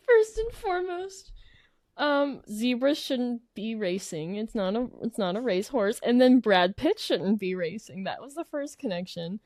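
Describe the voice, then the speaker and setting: A young woman co-hosting a podcast, rambling in a loose, chatty way full of fillers and laughter. Her voice sits at a middling pitch and sounds close and dry. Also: very animated, unhurried, a little mellow, no room sound. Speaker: podcast co-host. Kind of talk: casual chat. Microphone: podcast mic with mute button.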